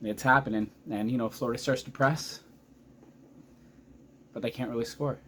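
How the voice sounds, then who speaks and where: A man in his thirties giving a casual, excitable recap of a hockey game as a vlogger, chatty and often losing his thread. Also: mid-range voice, moderate pace, slight background noise. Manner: excitable, chatty, loses track mid-sentence.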